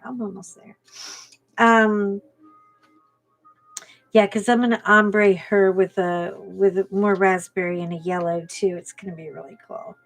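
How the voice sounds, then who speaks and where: A woman's voice: medium pitch, steady tone, a little slow, pauses often, soft background music. A middle-aged woman hosting a coloring channel, chatting and telling a family story with laughs while she colors. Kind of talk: casual chat while coloring.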